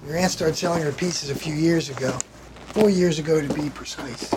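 An actor playing a shady collectibles dealer. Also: male voice, a little high, normal speed, noisy background, natural voice. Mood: matter-of-fact. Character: shady middle-aged male collectibles dealer. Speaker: film character. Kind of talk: film drama dialogue.

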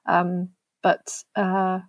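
A woman speaking as an interview guest, earnest and halting, often restarting her sentences. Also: on the low side, monotone, no room sound. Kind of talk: conversational interview.

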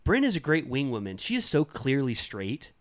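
Man, podcast co-host; mid-range voice, rambling, animated delivery with raised-voice quotes. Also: medium pitch, moderate pace. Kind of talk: casual recap chat.

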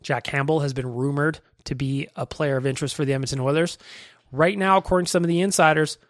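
Brash young Canadian podcast host, slightly high, dry close mic. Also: male voice, fairly even intonation, fast talker, dry recording. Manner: brash, blunt, swears freely. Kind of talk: casual sports podcast talk with ad reads.

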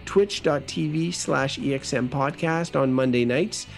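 A man's voice: medium pitch, unhurried, vocal fry, faint music behind. A man from Canada co-hosting a gaming podcast, talking casually and rambling through plugs and asides. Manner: chatty, rambling, self-correcting. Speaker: podcast co-host. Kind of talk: casual chat.

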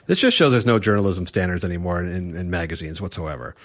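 A man's voice: low voice, quick pace. A man hosting a casual comedy podcast, crude and mocking, joking through the talk. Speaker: podcast host.

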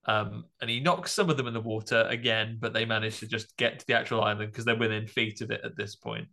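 A man's voice: on the low side, fairly even intonation, quick pace, gravelly, pushed and bright. A man co-hosting a horror podcast, recapping a film in casual, joking, sweary chat and acting out the characters. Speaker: podcast co-host.

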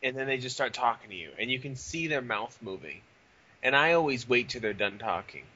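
A man's voice: mid-range voice, lively intonation, a little fast, pushed and bright, breathy edge, highs cut off. A man co-hosting a casual podcast, chiming in with wisecracks and profane banter. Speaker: podcast co-host. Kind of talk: casual chat.

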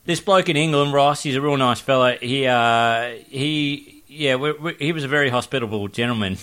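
Rambling, giggly comedian. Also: male voice, medium pitch, normal speed, fairly bright tone, clean tone. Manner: rambling, laughing, stumbling restarts. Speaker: comedian guest. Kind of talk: casual comedy podcast chat.

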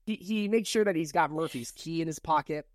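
A man co-hosting a podcast, casually recapping a novel's plot and reading quoted lines aloud with lively emphasis. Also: a little high, brisk, dry recording, clean studio sound. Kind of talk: casual book-recap chat.

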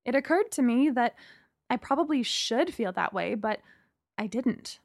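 A young woman reading a first-person story in a reflective, measured way. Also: fairly high pitch, very animated, vocal fry, no room sound, studio quality. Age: young adult. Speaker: narrator.

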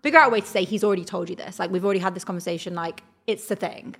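A woman's voice: fairly low pitch, racing, gravelly, husky. A young woman, a talent agent, telling a story as a podcast guest. She acts out the quoted dialogue and says "like" a lot. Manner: animated retelling, acts out quoted dialogue, heavy use of "like". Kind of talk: casual storytelling chat.

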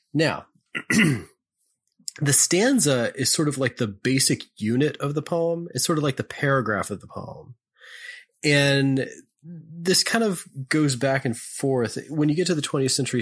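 A man hosting a podcast, casually explaining poetry in a halting way, often clearing his throat and correcting himself. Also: mid-range voice, a bit bright.

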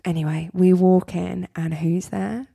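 A woman co-hosting a podcast, telling an animated anecdote in casual chat and laughing often. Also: on the low side, a little slow, vocal fry, husky. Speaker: podcast co-host.

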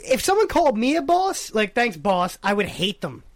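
A man's voice: very high-pitched, sing-song, a little fast. A man teasing his friend bluntly in casual banter.

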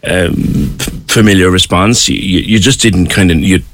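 Low-voiced man interviewing. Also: moderate pace. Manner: encouraging, prompting.

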